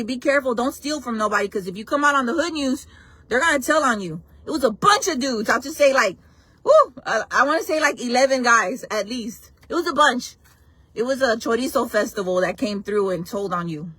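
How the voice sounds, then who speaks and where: A woman's voice: a little high, pushed and bright, no echo. A sassy, blunt woman, hosting a casual gossip news live stream and calling her viewers "friends" and "baby.".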